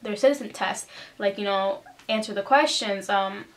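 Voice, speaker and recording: A woman's voice: mid-range voice, normal speed. Earnest, emotional young woman vlogging. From United States. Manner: emotional, earnest, full of fillers and restarts. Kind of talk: casual personal vlog talk.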